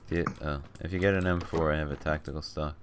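Young man, very low voice, casual joking game chat, keyboard clicking behind. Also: steady tone, fast talker, slight background noise. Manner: joking, laughing often. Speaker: streamer. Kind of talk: casual gaming banter.

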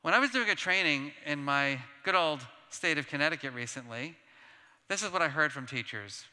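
A man giving a conference plenary talk, telling personal stories in an animated, self-deprecating way with laughs. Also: fairly high pitch, moderate pace, clean tone. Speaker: keynote speaker. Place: large conference hall. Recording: long reverb of a large hall.

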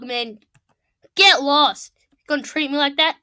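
High-pitched young woman gaming at home, chatty, excitable, swears a lot. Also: unhurried. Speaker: gamer. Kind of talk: casual gameplay commentary. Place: home room at a computer.

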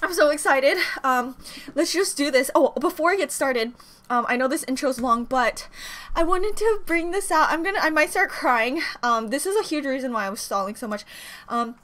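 A young woman chatting excitedly at home as a reaction vlogger, flustered and rambling, often restarting her sentences. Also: sits high, normal speed. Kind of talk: excited casual vlog chat. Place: home room.

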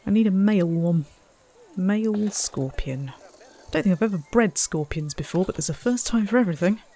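A woman's voice: mid-range voice, animated, moderate pace, warm tone, slight background noise. A woman casually commenting while playing a zoo-building game, chatty and self-mocking, talking to the animals and visitors. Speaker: let's play host.

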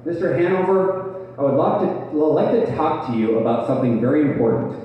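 A man's voice: on the high side, animated, fairly quick, muffled recording, lightly acted. A man reading as a young soldier heading home. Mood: earnest. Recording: echoey hall from far off.

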